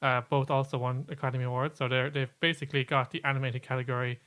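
A man's voice: mid-range voice, level tone, quick pace, a bit bright, smooth. Chatty man co-hosting a podcast. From Ireland. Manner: chatty, explanatory, with many fillers and restarts. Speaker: podcast co-host. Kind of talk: casual podcast chat.

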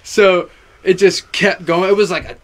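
A young man, a rapper on as a podcast guest, telling a party story in casual chat, animated and profane, packed with fillers. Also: sits high, normal speed, crowd noise.

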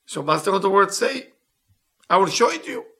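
A man teaching a Talmud story with impassioned, earnest storytelling, reading Hebrew text quickly and then retelling it in plain English. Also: sits high, big pitch swings, sharp tone. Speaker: Torah teacher.

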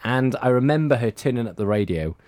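A man's voice: mid-range voice, lively intonation, brisk, a little mellow, no echo, clean studio sound. A man chatting in a radio interview, rambling and repeating words as he tells stories. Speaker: hospital radio presenter. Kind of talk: casual radio interview chat.

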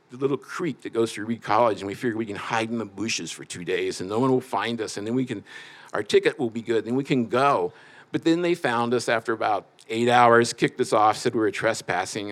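A man from the Midwest telling a personal story aloud, wry and self-mocking, with a loose conversational flow full of little fillers. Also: mid-range voice. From Midwest United States.

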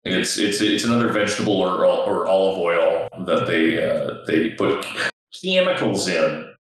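A low-pitched man chatting casually on a podcast, laughing often and explaining things in loose, rambling bursts. His voice bounces around a very echoey room. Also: animated, a little slow. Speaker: podcast co-host. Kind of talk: casual chat.

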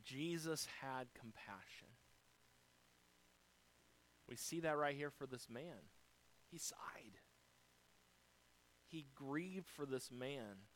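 An American man preaches from the pulpit in a middle-pitched voice. He lays out numbered points and talks straight to the congregation. His volume swings from forceful peaks down to soft, low phrases. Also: expressive, takes it slowly, pauses often, slight background noise, rough recording. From United States. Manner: dynamic preaching, rising loud then dropping soft; speaks directly to congregation, lists numbered points. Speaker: pastor. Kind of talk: sermon.

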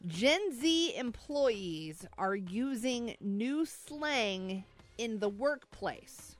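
A woman's voice: fairly high pitch, lively intonation, drawn-out words, soft background music. A woman co-hosting a morning radio show, chatting casually and reacting with playful indignation. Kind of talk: casual on-air banter. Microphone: studio microphone. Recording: dry studio sound.

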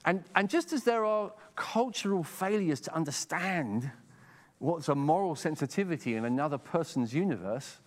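A man's voice: on the high side, expressive, normal speed. A middle-aged Englishman with an English accent preaching a sermon in a conversational way, often repeating words as he starts a sentence. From England.

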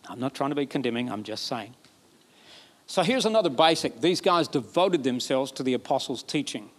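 A man from Alabama, preaching a sermon emphatically, repeating phrases and building to excited peaks. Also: mid-range voice, a little fast. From Alabama, USA. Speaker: pastor.

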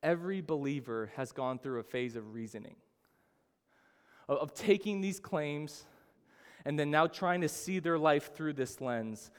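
A man preaching a sermon as a pastor, telling the story with sudden rises in pitch and volume. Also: animated, unhurried, clear, resonant tone. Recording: long hall reverb.

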